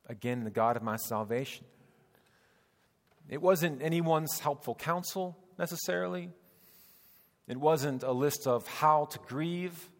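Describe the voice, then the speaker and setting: A man in his thirties preaching a sermon as pastor, earnest and emphatic, using rhetorical questions. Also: mid-range voice. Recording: long church reverb.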